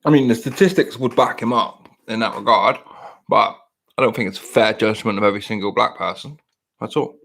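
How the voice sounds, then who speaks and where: A man's voice: on the low side, a little fast, creaky, fairly bright tone. A young English man in casual podcast chat, blunt, profane and rambling. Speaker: podcast host.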